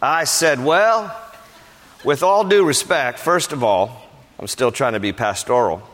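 A male preacher speaks in an unhurried, expressive way at a medium pitch with a fairly bright tone. His sermon is built on storytelling, and he acts out the voices of people he quotes, all under the long reverb of a large hall.

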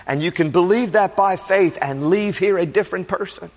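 A male pastor's sermon unfolds through stories in which he performs the voices of the people quoted. His voice is high and a little mellow, moving at a moderate pace, and a large hall lends it long reverb.

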